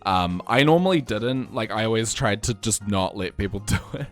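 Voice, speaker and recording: Young NZ-accented male streamer, lowish voice, animated and giggly, faint music behind. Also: normal speed. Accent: New Zealand. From New Zealand. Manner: animated storyteller, laughs often, jumps up in pitch when excited. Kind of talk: casual chat.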